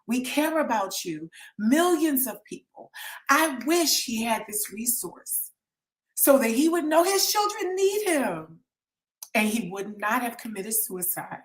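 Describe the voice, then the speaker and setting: A woman's voice: on the high side, sing-song, slow pace, reverberant. A woman counselor, talking earnestly to viewers on a live stream and pleading with them to get help. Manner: earnest and pleading, reads out names from chat.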